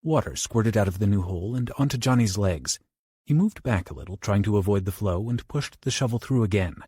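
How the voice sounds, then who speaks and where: A man narrating a horror audiobook with a low, slightly husky voice. His delivery swings widely in pitch as the tension builds, recorded dry and close. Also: a little fast, no room sound. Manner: dramatic, with lively shifts into character voices.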